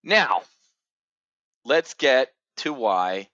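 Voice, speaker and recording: A middle-aged man rants as host of a trading show, profane and sarcastic, dropping to a mutter and then bursting out loud. His voice sits at an ordinary pitch. The sound is dry and slightly muffled, like a lo-fi recording. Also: big pitch swings, very slow, no echo. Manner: blunt, profane, sarcastic, swings from muttering to shouting. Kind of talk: ranting monologue.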